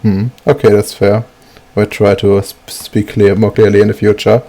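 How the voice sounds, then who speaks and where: A man's voice: on the low side, flat delivery, moderate pace, warm tone. A man hosting a tabletop game stream, talking casually and hesitantly with lots of fillers. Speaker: game master and stream host.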